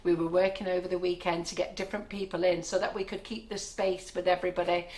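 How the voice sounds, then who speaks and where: A woman's voice: lowish voice, level tone, quick pace, a little mellow. A woman in her sixties hosting a baking live stream from a kitchen, chatting in a rambling way and often laughing. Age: 60s. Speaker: baking show host. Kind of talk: casual live-stream chat.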